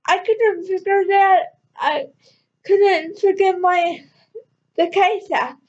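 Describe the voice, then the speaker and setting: A woman's voice: very high-pitched, takes it slowly, darkish tone, voice pushed up. Brusque male sleuth, stuck and impatient, read by a woman; muffled home recording. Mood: sheepish. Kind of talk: amateur audio story reading.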